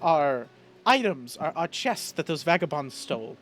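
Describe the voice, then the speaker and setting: A man putting on a shrill, gushing wife. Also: very animated, moderate pace, soft background music. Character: excited gushing middle-aged wife of a craftsman.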